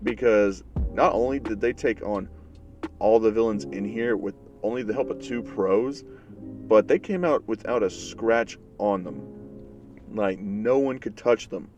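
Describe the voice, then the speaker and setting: A man's voice: on the low side, a little slow, darkish tone, distant mic, faint music behind. A man casually narrating a fan-made story in a loose, rambling way with many fillers.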